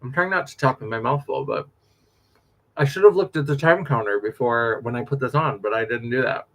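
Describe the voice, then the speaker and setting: A man, a drag performer, chatting casually on a late-night livestream, animated, laughing often and drifting from story to story. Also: mid-range voice, fairly quick.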